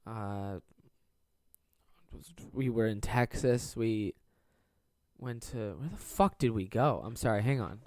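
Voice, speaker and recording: A man's voice: lowish voice, animated, takes it slowly, long pauses, a little mellow, no room sound. Young male comic hosting solo podcast; rambling, swears constantly, self-deprecating; dry close sound. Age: 20s. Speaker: podcast host and stand-up comedian. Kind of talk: casual solo podcast monologue.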